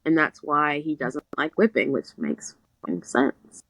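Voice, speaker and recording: A woman's voice: sits low, unhurried, vocal fry, slightly rough, no echo, rough recording. Young woman animatedly recapping a book. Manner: animated storytelling, quotes characters in little voices. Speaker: podcast co-host. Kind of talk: casual chat recapping a book.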